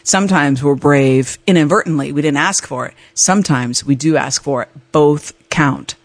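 A woman hosting a podcast, telling a personal story in an emotional, animated way, with laughs and restarts. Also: low voice, normal speed, no echo. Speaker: podcast host.

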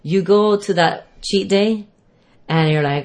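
A woman's voice: low-pitched, normal speed, a little mellow. A woman fitness trainer giving casual advice on food and exercise, rambling and correcting herself as she explains.

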